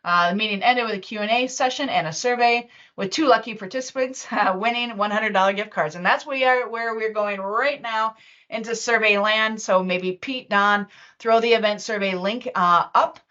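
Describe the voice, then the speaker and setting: A woman presenting a live software demo in a casual, chatty way, with many fillers and restarts. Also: mid-range voice, moderate pace. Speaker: webinar presenter and user group organizer. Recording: dull lo-fi online meeting audio.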